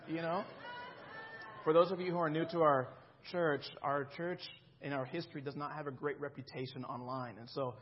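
A man's voice: a little high, steady tone, normal speed, highs cut off, a little hiss or hum. A man in his thirties preaching a sermon in a conversational way, often checking in with the congregation. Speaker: pastor.

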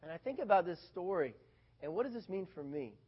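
A man preaching a casual sermon, animated, swinging from loud bursts to quiet asides. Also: high voice, brisk, breathy edge, lo-fi sound.

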